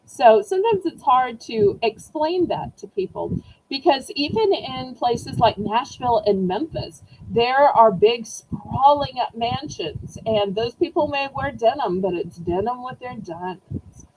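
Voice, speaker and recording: Southern-accented woman, live-stream auction host, high and very animated, bubbly and chatty with viewers. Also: measured pace, a little hiss or hum, poor audio. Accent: Southern American. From Southern United States. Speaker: online auction seller.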